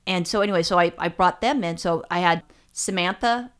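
A woman with a fairly low voice tells her stories bluntly, swearing freely and restarting her sentences. Her talk is loose, casual chat. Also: brisk, smooth. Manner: profane, blunt storyteller with many restarts. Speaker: podcast co-host.

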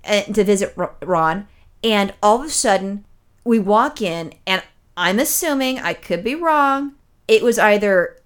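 A woman telling a story in casual chat, animated and swearing freely, acting out what people said. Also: mid-range voice, measured pace, clear, resonant tone.

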